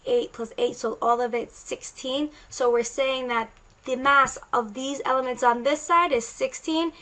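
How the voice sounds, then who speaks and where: A woman's voice: on the high side, fairly bright tone, poor audio. A woman science teacher giving a casual recorded lecture, explaining chatty and loose with frequent restarts.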